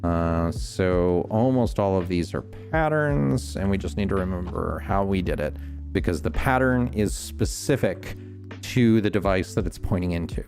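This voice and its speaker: A man streaming a game, calmly explaining each step as he builds and thinking aloud. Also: deep voice, a little slow, vocal fry, soft background music. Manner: relaxed, many ums and restarts. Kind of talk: casual gameplay commentary.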